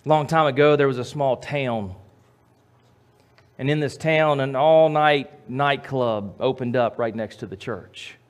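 A man preaching a sermon as pastor, emphatic, repeating his phrases and swinging from loud to quiet. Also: medium pitch, unhurried, smooth.

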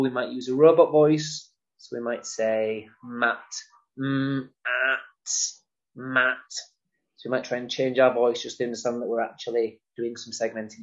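A man teaching parents about early phonics, modelling words and sounds slowly and explicitly. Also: medium pitch, a little mellow, lo-fi sound. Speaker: nursery teacher. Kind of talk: instructional talk to parents.

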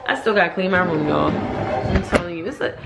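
A woman's voice: fairly low pitch, brisk, creaky. A woman, chatting casually in a home vlog, laughing and venting her frustration. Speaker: vlogger. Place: house, indoors. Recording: echoey rooms, household noise.

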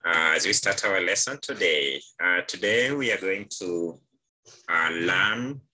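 Deep slow kenyan guy teaching online, lots of uh, bright husky tone. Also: rough recording. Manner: hesitant, many uh fillers. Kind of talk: live online class. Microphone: video call.

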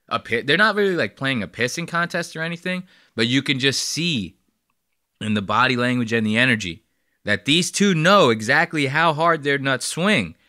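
Reacting to a video, this podcast host riffs in a loose, profane, casual way. His mid-range voice is bright and forceful, and the studio-quality recording has no room sound.

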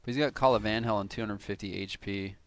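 A man's voice: fairly low pitch, steady tone, fast, dry recording. A man from Cleveland giving casual, analytical live commentary on a tournament game, swearing now and then. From Cleveland, USA.

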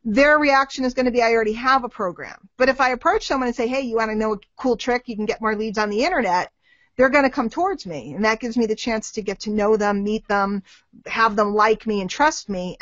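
A woman hosting a casual chat over a video call, lively and teasing with her guests. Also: fairly high pitch, no room sound. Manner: lively, teasing, quick to laugh. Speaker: host taking questions. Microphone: webcam on a video call. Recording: dry, dull lo-fi web-call audio.

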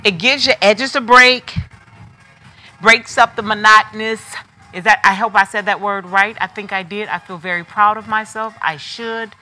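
Bright-voiced chatty woman hosting a sales stream. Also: mid-range voice, fairly even intonation, normal speed, soft background music. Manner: chatty, talks straight to viewers. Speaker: wig shop host selling on a live stream. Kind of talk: casual live product demo.

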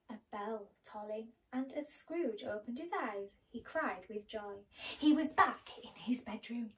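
A woman storyteller reading a children's story aloud in a gentle, expressive way. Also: medium pitch, unhurried, recorded from a distance, rough recording. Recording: voice a little off-mic.

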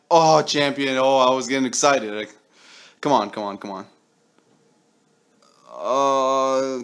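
Excitable young man on a game stream. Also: medium pitch, smooth. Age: young adult. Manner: excitable, pleading with the game, yells when lucky. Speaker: mobile game YouTuber. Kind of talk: gameplay commentary.

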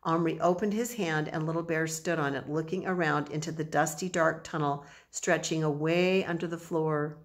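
In a low voice, a woman reads a children's audiobook aloud with measured, expressive storytelling.

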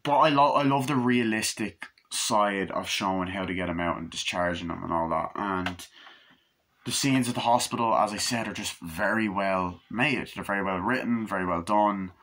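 A man with a fairly low, bright, forceful voice rambles through a casual film review, swearing freely and leaning hard on fillers. He keeps slipping into quick acted-out snatches of dialogue as he retells scenes. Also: a little hiss or hum. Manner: rambling, profane, filler-heavy. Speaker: movie reviewer.

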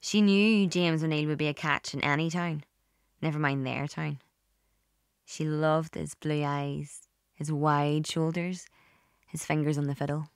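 Measured woman narrating. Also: sits low, steady tone, smooth, no room sound, clean studio sound. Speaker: audiobook narrator. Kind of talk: scripted narration.

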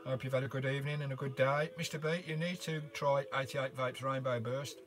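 An older man hosting a casual van life live stream, rambling warmly through viewer comments with lots of "uh" fillers, recorded inside his camper van. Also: medium pitch, steady tone, a little fast, over music. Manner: chatty, rambling, frequent "uh" fillers, calls viewers mate and sugar. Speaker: vanlife live-stream host.

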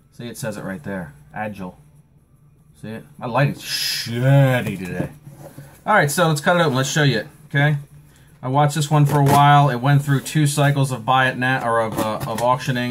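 A man's voice: medium pitch, normal speed, slight background noise. A man in his forties with an Eastern Shore of Maryland accent, chatting casually through an unboxing with a joking, rambling, self-mocking manner. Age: 40s. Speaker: pipe-collecting vlogger.

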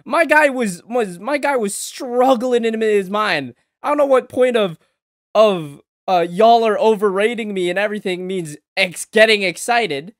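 A man hosting an anime reaction video, talking casually and excitedly, swearing and stammering as he swings from mumbles to loud outbursts. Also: high voice, unhurried, no echo, studio quality. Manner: swears, stammers and repeats words.

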